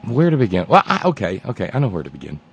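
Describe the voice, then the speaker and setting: Gravelly, sardonic talk host. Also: male voice, fairly low pitch, wildly swooping pitch, rapid-fire, lo-fi sound. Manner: rambling and sardonic, with many fillers and restarts. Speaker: radio talk show host. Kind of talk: casual talk radio monologue.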